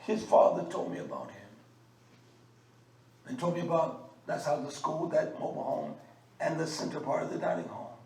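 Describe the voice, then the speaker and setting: Preaching with fire, this male religious teacher scolds emphatically, often saying "uh." His fairly high, darkish voice holds a steady tone at a moderate pace with frequent pauses, captured by a far-off mic in an echoey room with faint background noise.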